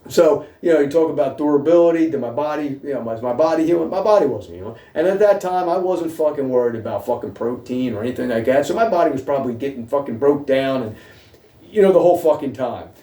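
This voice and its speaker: A middle-aged man with a mellow, darker tone recounts his own past in a blunt, heavily profane monologue. He checks in with "okay?" again and again. The sound is roomy and echoey, with the speaker sitting some distance from the microphone. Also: mid-range voice, lively intonation, fast. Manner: blunt, heavy swearing, repeats "okay?". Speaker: host telling his own story. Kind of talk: casual storytelling monologue. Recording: roomy echo, voice away from mic.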